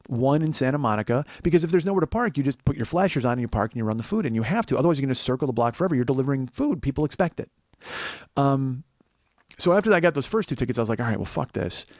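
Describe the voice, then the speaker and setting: A man in his forties hosting a comedy podcast, telling a profane story and breaking into shouts as he reenacts an argument. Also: on the high side, no room sound. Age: 40s. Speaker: podcast host.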